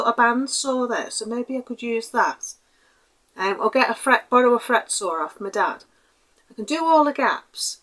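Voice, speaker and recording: A middle-aged woman talks casually to camera, her voice sitting a little high. She rambles happily from one thought to the next and admits she is waffly. She sounds warm and grateful toward her viewers. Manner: chatty and rambling, self-described waffly. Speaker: crafting vlogger.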